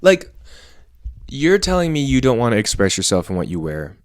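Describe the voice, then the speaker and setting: A man's voice: mid-range voice, sing-song, normal speed, no echo, clean studio sound. A man vlogging casually about fashion, chatty and opinionated, rambling with self-corrections. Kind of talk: casual talking-head vlog.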